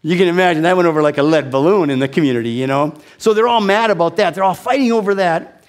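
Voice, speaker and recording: A man in his sixties telling a personal testimony as an animated, self-deprecating storyteller with frequent restarts. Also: a little high, fast. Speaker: speaker giving a testimony.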